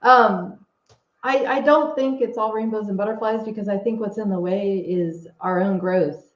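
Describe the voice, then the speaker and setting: A woman's voice: mid-range voice, moderate pace. A woman guest speaking in a middle register, searching for words with frequent "uh"s and restarts. Her voice carries a roomy echo, and the sound is a little dull, like a modest online call. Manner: hesitant, many fillers and restarts. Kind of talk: casual interview talk. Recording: echoey, slightly dull audio.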